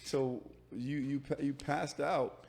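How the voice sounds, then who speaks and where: A man's voice: medium pitch, steady tone, slow pace, gravelly, a little mellow. A man hosting a podcast, asking curious follow-up questions in a casual interview. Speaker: podcast host.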